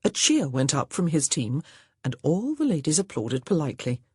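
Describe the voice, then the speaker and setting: Woman, audiobook narration, low husky voice, lively, dry. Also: moderate pace, no echo. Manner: expressive, voices each character. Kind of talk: scripted narration.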